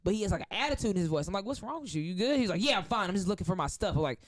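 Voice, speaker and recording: A woman comedian spins a long story in loose, casual chat. She is animated and profane, breaks into laughter often, and acts out the voices of the people in her tale. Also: mid-range voice, very fast. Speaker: comedian guest.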